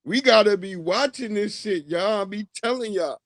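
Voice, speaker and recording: A man in his forties hosting a livestream, giving animated, profane casual commentary and laughing often. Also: sits high, normal speed, no room sound, studio quality. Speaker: livestream host.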